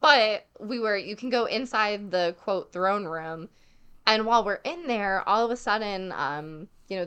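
A woman's voice: mid-range voice, moderate pace, clean tone. A young woman telling a travel story in casual chat, full of "like" and acted-out quotes. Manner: chatty, heavy filler "like", animated quoting.

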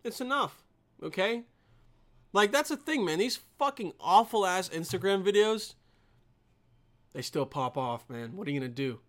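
A young man with a high-pitched voice hosts his channel and rips into cringe videos. His talk is profane, mocking and rambling, full of fillers and asides to his viewers. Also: lively intonation, normal speed, pauses often, fairly bright tone. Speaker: vlogger. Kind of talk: casual commentary on videos.

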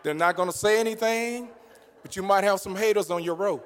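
High-voiced preacher in a reverberant church. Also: male voice, fairly quick, clear, resonant tone. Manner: passionate, builds to shouting. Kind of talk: sermon. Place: church sanctuary.

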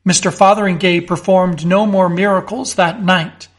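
A man narrating a classic story in a measured, expressive way. His voice sits high. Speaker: audiobook narrator. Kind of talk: reading a classic story aloud.

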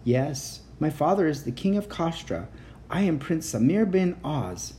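A woman's voice: low voice, very animated, a little slow, warm tone, a little hiss or hum, voice pushed up. A woman voicing a young boy prince who speaks in a formal, careful way, reading a storybook aloud. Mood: sad.

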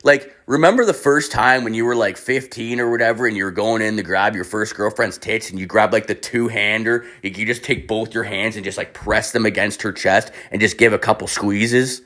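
A young man telling a long comic story in a profane, rambling, animated way. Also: on the low side, brisk, hardly any pauses.

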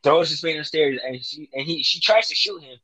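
A man's voice: a little high, fairly quick, a crowd in the background, low-quality recording. Profane man animatedly retelling a movie. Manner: profane, animated, acts out quotes. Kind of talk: casual chat retelling a movie.

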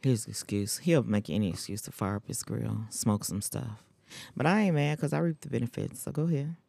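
A man's voice: medium pitch, fairly quick, creaky, darkish tone, no echo. A man in casual chat, teasing and affectionate, chiming in with short interjections.

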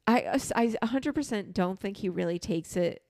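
Gravelly young woman, emphatic podcast co-host. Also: mid-range voice, lively intonation, fairly quick, darkish tone, no echo, studio quality. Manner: emphatic, repeats reactions. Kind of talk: casual movie chat.

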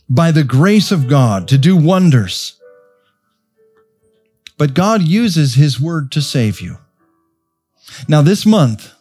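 A man preaching a sermon as pastor of a church, slow and emphatic, rising to strong peaks as he calls out to his congregation. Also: medium pitch. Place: church sanctuary. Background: soft piano.

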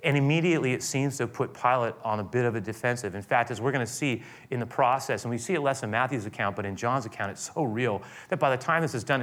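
Guy preaching a sermon, gets loud and animated acting out the scene. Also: medium pitch. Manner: animated retelling, acts out quoted voices loudly. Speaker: pastor.

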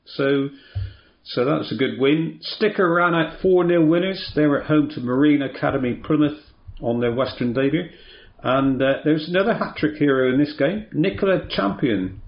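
A man hosting a casual local radio sports show, chatty and relaxed with plenty of ums and uhs. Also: a little high. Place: radio studio. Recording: roomy, slightly dull radio studio sound.

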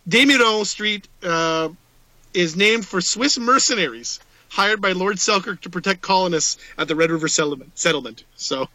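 A man co-hosts a chatty podcast, reading out trivia between playful jokes. His voice sits high and sounds bright and forward. The recording is dry and close. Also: animated, normal speed, no room sound, rough recording. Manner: reads out street facts with playful asides. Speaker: podcast co-host. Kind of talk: casual chat.

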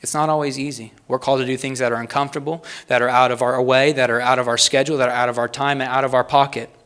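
A man preaching a sermon, reading quotes aloud with rising emphasis and pausing to talk plainly to the congregation. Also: mid-range voice, little pitch movement, a bit bright, smooth. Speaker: pastor.

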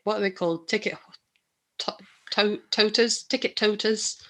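A young woman, co-hosting a casual chat podcast, animated and quick to laugh. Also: mid-range voice. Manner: chatty, animated, laughs often, trails off mid-sentence. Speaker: podcast co-host.

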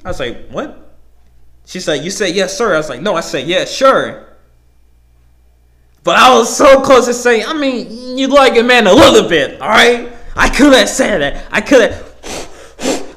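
A man's voice: high voice, fairly bright tone. A young man from Canada hosting a podcast, ranting about a job with lots of profanity and slang. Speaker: podcast host.

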